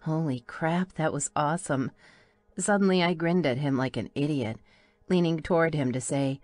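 Low-voiced woman narrating with wry humor. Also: normal speed, darkish tone, no room sound. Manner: wry, playful first-person storytelling. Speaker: audiobook narrator. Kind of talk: first-person audiobook narration.

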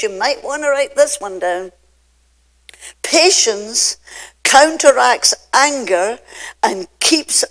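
An older woman from Scotland, a pastor whose voice sits on the high side, gives a sermon from a church pulpit in a Scottish accent. She lingers on emphatic phrases, her volume swinging from loud to soft.

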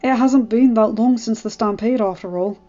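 A man's voice: high-pitched, normal speed, dark tone, lo-fi sound, soft background music, natural voice. A woman voicing a wry, dry-humored teenage boy from a gang, in a story reading.

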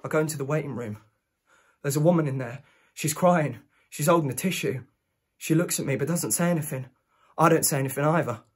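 A man's voice: a little high, a little fast, slightly rough. An actor playing a frantic young man, telling his story in urgent, breathless present tense on stage. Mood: restless. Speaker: stage performer. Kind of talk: one-man theatre monologue.

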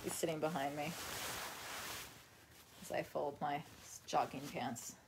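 A woman's voice: sits low, fairly even intonation, measured pace, a little mellow, slight background noise. A chatty woman live streaming from her home as she folds laundry. She rambles loosely from one thought to the next and laughs often. Now and then she breaks off to talk to her dog. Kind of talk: casual live-stream chat. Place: at home while folding laundry.

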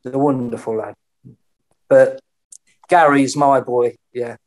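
A middle-aged man, a podcast guest telling lively anecdotes in casual conversation and acting out the voices he quotes. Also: medium pitch, measured pace. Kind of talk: storytelling in a casual interview.

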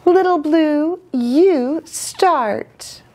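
A woman voicing a sensible, fair-minded fish friend in a children's storybook reading, calm and guiding. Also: high voice, extremely slow, a little hiss or hum, pitched above the performer's own voice.

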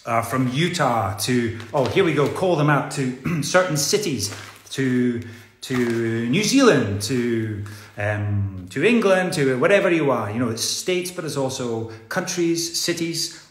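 A man's voice: mid-range voice, slight background noise. Playful man, roomy echo. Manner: playful, chatty, reads aloud with asides. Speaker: gala host. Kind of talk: reading out fan messages at an online gala.

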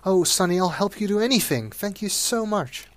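A man doing a breathy, pleading young woman. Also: sits high, expressive, normal speed, no room sound, pitched above the performer's own voice.

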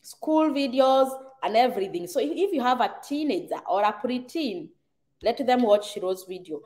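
Kenyan woman, middle-aged, live-stream host; slightly high voice, chatty, quick to laugh, drops in Swahili phrases. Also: animated, darkish tone. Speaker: livestream host reading viewer comments. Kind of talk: casual live chat.

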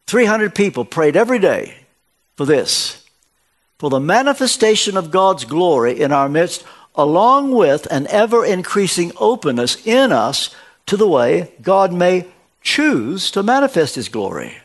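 A man's voice: very animated, a little slow. An older man preaching a sermon as a guest in a church, telling stories and acting out the dialogue in them. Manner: storytelling, acts out dialogue with shifts of pitch.

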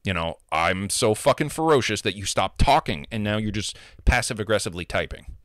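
A man with a lowish voice rants about online gaming, heated, profane and emphatic. The sound is dry and close, with no room echo. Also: expressive, a little fast, fairly bright tone. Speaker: gamer. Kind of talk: casual rant.

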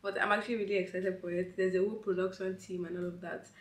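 A young woman with a hoarse voice from a cold, chatting casually in a get-ready-with-me vlog. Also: fairly low pitch, level tone, fast, noisy background. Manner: chatty and rambling, many fillers. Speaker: vlogger. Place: indoor room, doing makeup. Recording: roomy echo.

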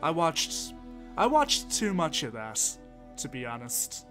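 A man's voice: a little high, wildly swooping pitch, takes it slowly, a bit bright, faint music behind. A man, chatting and swearing casually as he thinks aloud while playing a game on stream. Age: 20s. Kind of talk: casual gameplay commentary.

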